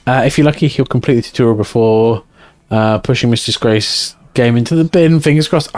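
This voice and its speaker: A man's voice: mid-range voice, fairly quick, a little mellow. Joking, crude male streamer. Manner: joking, crude, reads chat aloud. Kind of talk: casual live-stream chat.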